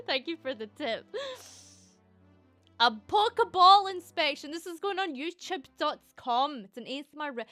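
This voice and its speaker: A woman with a put-on Scottish accent, streaming casually while writing an ASMR script. She rambles, giggles and swears, and swings between excited bursts and soft murmured script lines. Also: extremely high pitch, slow, soft background music. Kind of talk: casual livestream chat.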